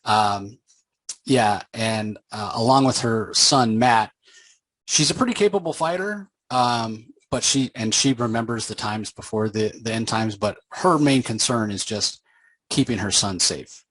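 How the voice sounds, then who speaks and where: A man casually recapping a comic book series as its reviewer, rambling and pausing often to fill gaps with small hesitations. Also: lowish voice, fairly bright tone, poor audio. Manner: rambling, with frequent filler pauses.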